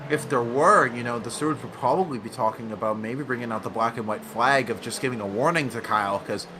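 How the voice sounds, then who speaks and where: A man commentating a sim racing league event, excitable and often correcting himself mid-sentence. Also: mid-range voice, fast, noisy background. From United States. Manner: excitable, self-correcting, laughs along. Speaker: race commentator.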